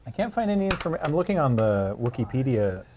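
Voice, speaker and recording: A man's voice: medium pitch, sing-song, fast, music in the background. Man with dry, wry game-table remarks. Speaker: board game player. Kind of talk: casual game-night chat.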